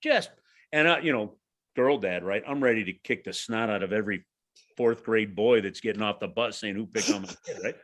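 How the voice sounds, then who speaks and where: This man, a hockey radio broadcaster in his forties, has a fairly low-pitched voice. He tells a story on an informal podcast with energy, though he keeps halting and starting over.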